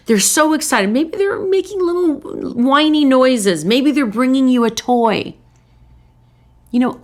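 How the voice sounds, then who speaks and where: A woman hosting a relationship advice show, speaking directly in short punchy phrases and jumping into excited high voices to act out greetings. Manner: lively, bursts into excited high voices when acting out greetings. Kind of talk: direct advice talk to camera.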